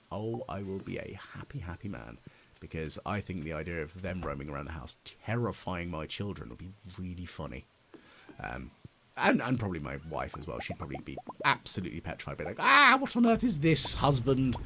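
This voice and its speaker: Rambling over a farming game, this late-30s man hosts a gaming channel and offers casual let's play commentary full of musings, self-mockery and ums. He has a low-pitched, gravelly voice, and the recording carries a little hiss or hum.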